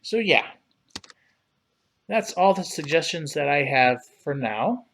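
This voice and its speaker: A man hosting a casual livestream, talking in an unhurried, relaxed way as he browses and reads things aloud. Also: fairly high pitch. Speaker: livestream host reviewing collectible figures.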